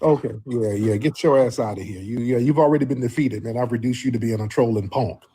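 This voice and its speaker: A man's voice: mid-range voice, fast talker, warm tone, husky. A man hosting a live stream, preaching at length and sparring with callers and trolls. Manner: preachy, combative, calls in viewers. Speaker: host.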